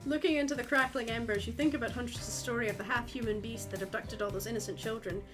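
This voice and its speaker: A woman's voice: on the high side, steady tone, quick pace. A woman streamer reading a dating game's narration aloud. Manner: storytelling narration. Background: game music.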